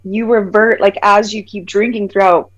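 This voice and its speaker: A woman in her thirties, a podcast guest, tells a personal story in an animated way, imitating the voices of the people she quotes and saying "like" a lot. Her voice is mid-range at normal speed, and the recording has its highs cut off.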